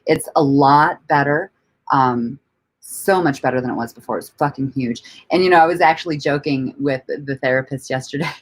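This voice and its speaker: Low-voiced woman hosting a laid-back livestream. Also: moderate pace. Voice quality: laughs often, swears freely, rambling restarts. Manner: greets and answers viewers from the chat. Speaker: livestream host. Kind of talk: casual livestream chat. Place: at home.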